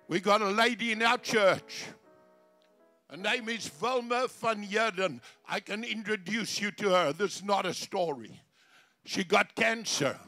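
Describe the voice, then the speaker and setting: A man pastor preaching a fiery revival sermon from South Africa, shouting praise and speaking in tongues. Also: high-pitched, dry recording. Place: outdoor city square service.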